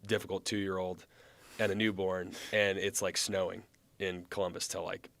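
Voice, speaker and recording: A man in his thirties, a former baseball pitcher, telling his story in a relaxed, chatty way. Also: moderate pace, gravelly, no echo. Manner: relaxed, chatty, acts out quoted lines. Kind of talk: casual storytelling.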